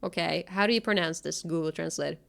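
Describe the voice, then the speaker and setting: A woman's voice: lowish voice, a little fast, vocal fry, fairly bright tone. A woman, chatting casually and giggling as a streamer. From Finland. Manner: giggly, self-deprecating. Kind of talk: casual chat while reading a game.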